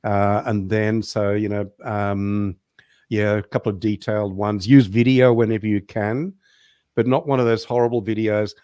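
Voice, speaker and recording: Low-voiced man explaining business systems. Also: steady tone, moderate pace, mellow, smooth, no room sound, clean studio sound. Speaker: guest. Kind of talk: casual online show interview.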